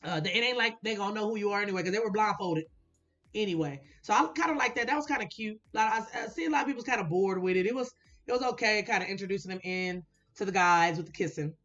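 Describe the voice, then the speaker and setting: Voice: mid-range voice, quick pace, fairly bright tone, dull audio. A recap vlogger in casual, blunt commentary who swears freely and laughs often.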